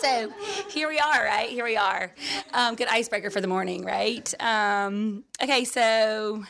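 A woman's voice: on the high side, unhurried, vocal fry, crowd noise. A woman from Alabama with a Southern accent gives a chatty, self-deprecating faith testimony at a church gathering, full of fillers and restarts. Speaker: guest speaker at a church gathering.

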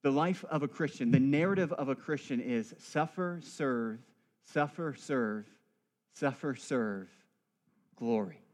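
A man's voice: medium pitch, a little slow. A male priest delivering a church sermon with rhythmic, building emphasis and wry asides.

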